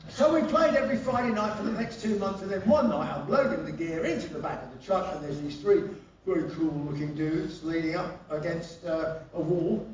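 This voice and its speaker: A man's voice: high voice, a little fast, slight background noise. A man telling profane, laugh-filled stories on a live stage. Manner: animated, profane, laughing often. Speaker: stage storyteller. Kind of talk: live spoken-word storytelling. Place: live concert venue. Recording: distant echoey live hall, dull.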